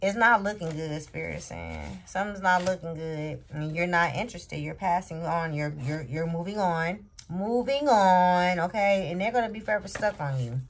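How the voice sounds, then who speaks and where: A woman's voice: fairly low pitch, animated, normal speed, hardly any pauses, slight background noise. A woman giving a casual tarot reading, rambling and asking "okay?" again and again. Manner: rambling, repeats "okay?" often. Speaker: tarot reader.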